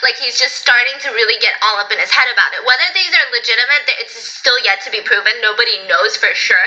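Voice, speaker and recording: Bright, sassy woman telling a story. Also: on the high side, fast, hardly any pauses, muffled recording. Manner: animated, acts out characters' lines with sass. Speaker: storytelling video host. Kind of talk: casual storytelling commentary.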